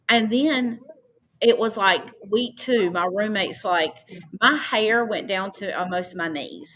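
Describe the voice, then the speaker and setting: Animated woman telling stories. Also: mid-range voice, unhurried, a little hiss or hum. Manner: animated, acts out her own past dialogue. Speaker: podcast guest. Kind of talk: casual storytelling.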